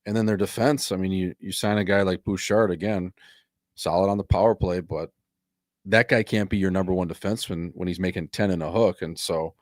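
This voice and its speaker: A man's voice: low-pitched, fairly even intonation, brisk, no echo, clean studio sound. A man co-hosting a podcast in casual sports chat, laid-back and matter-of-fact, swearing now and then. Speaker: podcast co-host.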